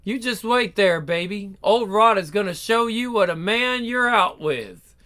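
A man voicing a smooth-talking, boastful young man who uses slang. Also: sits high, animated, a little slow, pushed and bright, exaggerated voice.

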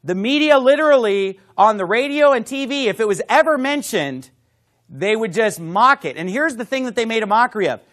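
A man's voice: very high-pitched, animated, brisk, fairly bright tone. A man preaching a sermon, emphatic, with conversational asides to the congregation. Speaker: pastor.

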